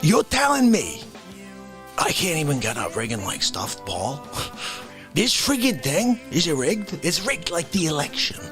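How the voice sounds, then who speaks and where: A man hosting a live comedy stream, ranting in an animated way and swinging between shouts and whispers. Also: a little high, unhurried, music in the background. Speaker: livestream comedy host. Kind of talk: unscripted comedic rant.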